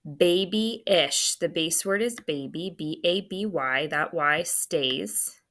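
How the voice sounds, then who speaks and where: A woman's voice: lowish voice, slow, a bit bright. A woman teacher walking through a phonics worksheet, patiently spelling out words letter by letter while she writes on a screen. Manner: self-talk while writing on screen. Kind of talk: phonics lesson walkthrough.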